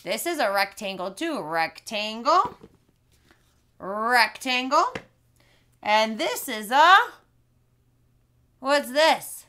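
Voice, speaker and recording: A young woman teaching small children speech sounds through play, with slow, sing-song, exaggerated talk. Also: a little high, big pitch swings, bright, forceful tone. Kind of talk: playful lesson for young kids. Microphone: camera in front, leaning close at times.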